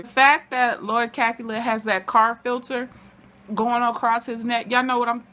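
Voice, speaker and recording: A woman giving a casual, excitable TV episode recap from home, chatting to her viewers as y'all. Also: fairly high pitch, normal speed. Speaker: TV recap vlogger.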